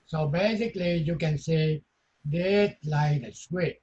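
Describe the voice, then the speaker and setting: A man teaching an electronics class, talking in short, halting phrases that he often repeats, with non-native grammar. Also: fairly high pitch, a little mellow, muffled recording. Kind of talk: classroom lecture.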